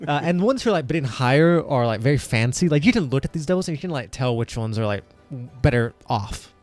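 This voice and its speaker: A man narrating as game master for a tabletop game, rambling with lots of fillers and slipping into quick voices for the crowd. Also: mid-range voice, expressive, darkish tone, faint music behind.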